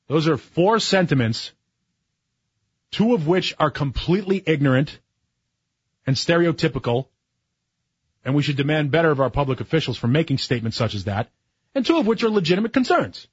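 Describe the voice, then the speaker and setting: A man's voice: fairly high pitch, big pitch swings, moderate pace, long pauses, slightly rough, dry recording, dull audio. A man in his forties, a talk radio host, speaking in a sarcastic, opinionated monologue that builds to heated emphasis. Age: 40s. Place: radio studio.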